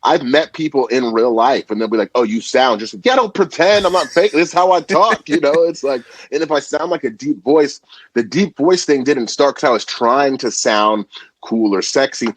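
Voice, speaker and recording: A young man with a husky voice talks in a loose, animated way, full of slang and the odd curse. He is a podcast guest chatting about making food videos. The sound is dry and close, with no room around it. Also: mid-range voice, normal speed, no echo. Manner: animated, slangy, swears freely. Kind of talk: casual chat.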